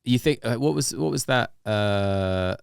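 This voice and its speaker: A man's voice: mid-range voice, expressive, a little slow, creaky, smooth, no room sound, studio quality. A man, a DJ guest, chatting casually on a podcast, rambling with lots of "like" and restarts.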